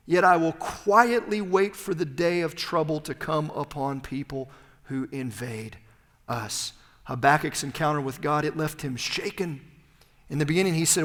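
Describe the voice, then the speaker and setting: A high-voiced man preaching in a big church sanctuary, where a long reverb trails his words. He swings from ringing, emphatic peaks down to hushed, low phrases as he pushes his points home. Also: normal speed. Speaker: pastor. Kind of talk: sermon.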